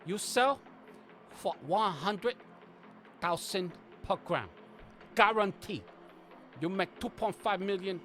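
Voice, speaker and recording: A man's voice: sits high, animated, takes it slowly, pauses often, fairly bright tone, pitched above the performer's own voice, heavily acted. A condescending crime boss barks clipped, broken English in a raised, pushy voice. A man puts him on during a tabletop game. Faint music plays underneath.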